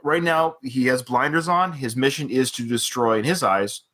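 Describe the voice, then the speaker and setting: A man from Canada hosting a film podcast in casual chat, animated and quick to quote scenes. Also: medium pitch. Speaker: podcast host.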